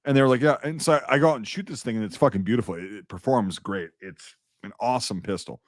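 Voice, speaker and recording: A man's voice: on the low side, quick pace, dry recording, studio quality. A man in casual chat as a podcast host, rambling and profane, with many restarts and fillers.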